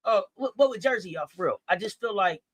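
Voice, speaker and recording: A woman co-hosting a casual sports chat, animated and playful, often repeating words. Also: medium pitch, fast, slightly rough. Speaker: co-host.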